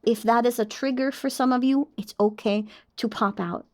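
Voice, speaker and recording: A woman's voice: on the high side, fairly even intonation, moderate pace, darkish tone. A young woman streaming casual chat, bubbly and self-mocking, laughing often.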